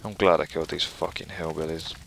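A man's voice: a bass voice, little pitch movement, brisk, creaky. A man giving sarcastic, profane commentary while playing a horror video game. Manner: profane, sarcastic, joking asides. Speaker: let's play host. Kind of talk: gameplay commentary.

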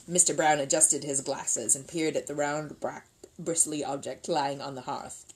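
A woman reading a children's book aloud in an expressive, lilting way. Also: low-pitched, normal speed, rough recording. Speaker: reader.

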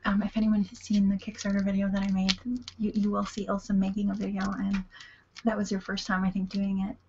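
A woman's voice: medium pitch, completely flat delivery, brisk, lo-fi sound, background noise. A woman with a Canadian accent, a documentary filmmaker chatting as a guest, explaining things earnestly and dropping into whispers now and then. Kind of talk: casual chat.

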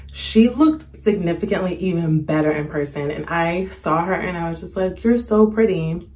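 A young woman chatting casually to the camera, telling a story and acting out the quotes in a higher voice. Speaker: storytime vlogger.

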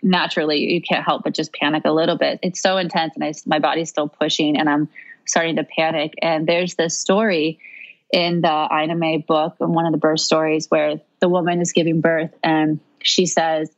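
Low-voiced woman telling her story. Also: level tone, normal speed, dull audio. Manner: earnest, rambling storytelling with frequent "like". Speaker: podcast guest. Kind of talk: personal birth story told in conversation.

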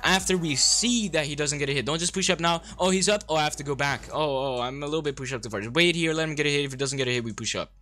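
A man's voice: on the high side, fast talker, hardly any pauses, bright, forceful tone, faint music behind. A young man coaching a player through a game replay, blunt, sarcastic and full of swearing.

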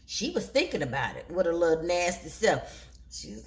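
A woman hosting a casual TV episode recap, telling the story in an animated way and acting out the characters' lines. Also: on the low side, fairly quick. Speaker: recap show host.

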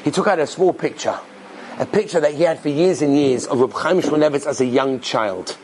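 A male rabbi telling an inspirational story in an animated way, repeating phrases for emphasis. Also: a little high, a little fast, slight background noise, poor audio.

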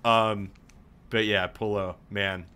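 A young man co-hosting a podcast, talking in a measured, thoughtful way. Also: fairly low pitch, little pitch movement, bright, forceful tone, clean tone. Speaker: podcast co-host. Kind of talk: casual chat.

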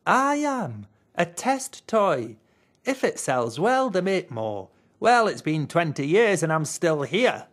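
A reader voicing a grumpy old male hammerhead shark toy in a picture book, gruff and wry with a teasing edge. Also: mid-range voice, big pitch swings, slow pace. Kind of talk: storybook read-aloud.

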